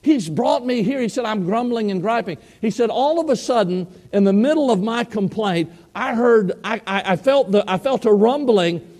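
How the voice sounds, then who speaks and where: A man preaching a sermon, telling a story in an animated way and acting out the people in it. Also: sits high, moderate pace, few pauses, long reverb tail.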